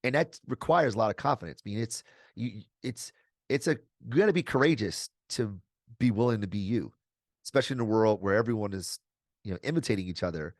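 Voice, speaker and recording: A man with a fairly low, dry-sounding voice talks as a guest on a video call. He is energetic and articulate, mixing in casual slang as he explains his ideas. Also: fairly quick, dry recording. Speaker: guest author. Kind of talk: conversational interview answers.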